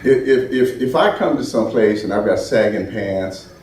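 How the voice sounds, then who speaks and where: A man's voice: on the low side, moderate pace, a little hiss or hum. Man telling stories in an echoey hall. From United States. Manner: animated, restarts a lot, acts out quoted voices. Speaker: speaker at an event. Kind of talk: storytelling talk. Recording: roomy hall from far off.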